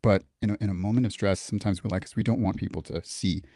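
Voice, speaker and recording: A man's voice: fairly low pitch, quick pace, no echo, studio quality. A man who is a military veteran, telling a story in a casual interview, swearing freely and acting out the dialogue. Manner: profane, animated, acts out quoted dialogue.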